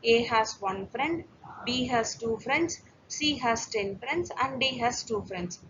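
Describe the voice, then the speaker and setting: A woman's voice: on the high side, expressive, takes it slowly, a bit bright, a little hiss or hum. Woman lecturer, dull lo-fi recording. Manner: explains step by step with fillers and restarts.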